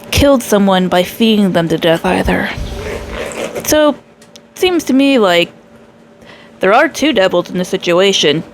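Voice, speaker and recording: Woman, reaction host, sarcastic, scornful, soft background hum. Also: mid-range voice. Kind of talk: commentary over a reaction video.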